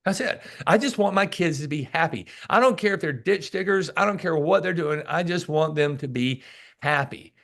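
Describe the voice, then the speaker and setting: Gravelly and slightly high, this guest's voice moves at a moderate pace. The sales author tells emphatic, preachy stories in a casual podcast interview, acting out others' words and hammering key words through repetition.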